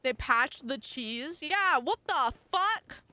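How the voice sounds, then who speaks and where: A woman streaming a video game live, giving casual commentary in an excitable way, swearing often and erupting in frustrated outbursts. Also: sits high, slow, no echo.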